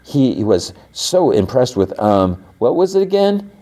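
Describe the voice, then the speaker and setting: A man's voice: mid-range voice, very animated, a little slow, warm tone, voice pushed up. A man doing a smug, silky mayoral aide. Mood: smugly threatening. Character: smug sly male mayoral aide, veiled menace.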